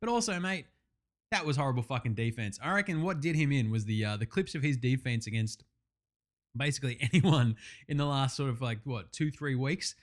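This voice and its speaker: A man with an Australian accent hosting a sports talk podcast, animated, slangy and sweary. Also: medium pitch, a little fast. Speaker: podcast host. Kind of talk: sports talk show monologue.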